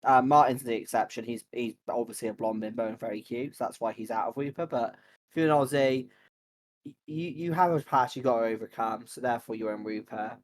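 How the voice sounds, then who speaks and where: A man's voice: mid-range voice, a little fast. A young man co-hosting a casual podcast, trading teasing jokes with his friends. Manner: teasing, joking banter. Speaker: podcast co-host.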